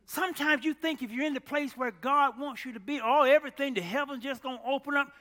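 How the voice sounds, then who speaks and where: A man preaching a storytelling sermon, animated, exclaiming loudly at times and dropping to a hush at others. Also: very high-pitched, quick pace, hardly any pauses, in a large hall.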